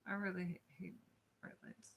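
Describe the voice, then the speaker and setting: A woman's voice: lowish voice, moderate pace, creaky, a bit bright, lo-fi sound, a little hiss or hum. A woman streaming live, grumbling in frustration and swearing in casual chat before reading a book aloud.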